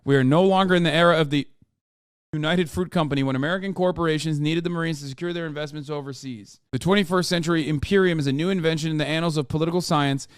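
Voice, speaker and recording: A man with a high, smooth, clear voice hosts a live stream. He reads quoted passages quickly and flatly, then cuts in with profane, sarcastic rants. The sound is dry and close. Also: no room sound. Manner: fast, flat reading of quoted text. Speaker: streamer host. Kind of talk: live-stream commentary, reading articles aloud.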